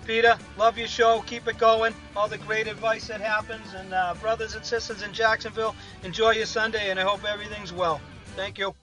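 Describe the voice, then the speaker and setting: A man's voice: high voice, little pitch movement, fairly quick, bright, forceful tone, soft background music, rough recording. A man in his fifties with a Boston accent, calling in to a radio show and chatting in a rambling, friendly way. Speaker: radio caller. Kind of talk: casual call-in chat.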